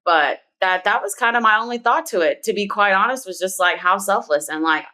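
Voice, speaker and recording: A woman with a Philly accent talks basketball in a chatty, casual way. Her voice is bright and forceful, and her speech is full of fillers and easy laughter. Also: medium pitch, animated, fairly quick. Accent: Philadelphia. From Philadelphia. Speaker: basketball analyst. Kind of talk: casual sports talk.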